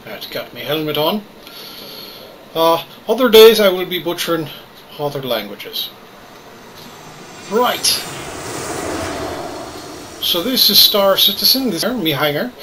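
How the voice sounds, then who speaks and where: Canadian gamer faking an Irish lilt, bright, tense tone, self-mocking play-by-play. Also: male voice, on the high side, sing-song, measured pace, pauses often, a little hiss or hum, poor audio. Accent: put-on Irish. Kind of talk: gameplay commentary.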